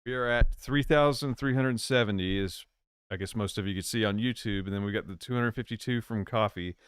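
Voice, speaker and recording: A man co-hosting a casual live chat, speaking in a relaxed, plain way. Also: lowish voice, fairly quick, clear, resonant tone, no room sound, studio quality. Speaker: co-host.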